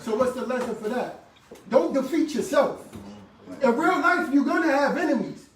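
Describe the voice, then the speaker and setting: Preaching call-and-response at a normal speed, this high-voiced man sounds animated, alternating shouted bursts with relaxed, slangy asides. The mic is distant, and the echoey worship space carries faint background noise.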